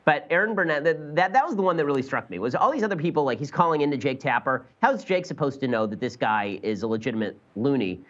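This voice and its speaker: Rapid-fire sarcastic man, dull audio. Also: medium pitch, animated, fairly bright tone. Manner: rapid, sarcastic political riffing. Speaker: guest commentator. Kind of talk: casual talk show banter.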